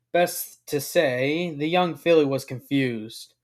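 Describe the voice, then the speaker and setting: A man reading his own fan fiction story aloud as narrator, unhurried and with halting restarts. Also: a little high.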